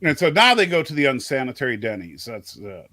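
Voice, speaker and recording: A man's voice: mid-range voice, big pitch swings, a little fast, pushed and bright, no echo. A man hosting a livestream and chatting casually about a show, teasing his co-host and stumbling over restarts. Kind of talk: casual show discussion with chat.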